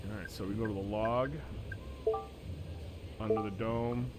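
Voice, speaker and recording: A man's voice: on the low side, fairly even intonation, unhurried. A man chatting casually and reading game lines aloud as he streams a video game, swearing now and then. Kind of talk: casual live-stream commentary. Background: game music.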